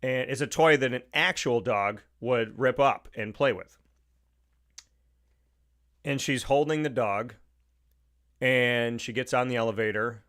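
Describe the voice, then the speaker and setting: A man's voice: medium pitch, fairly bright tone. A man hosting a talk show with an Upstate New York accent, delivering an opinionated monologue, emphatic and repeating his points. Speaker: radio show host.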